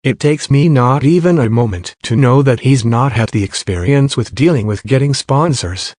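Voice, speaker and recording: Guy reading fan fiction out loud, steady first person, mid pitch, dry close sound. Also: normal speed, no room sound. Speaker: story narrator.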